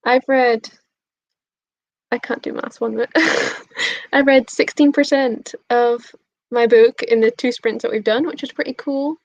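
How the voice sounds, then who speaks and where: A woman's voice: fairly high pitch, steady tone, a little slow, pauses often, dry recording. A young woman chatting casually on a live stream, bubbly and giggly as she answers her chat. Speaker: booktube streamer. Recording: dull lo-fi stream audio.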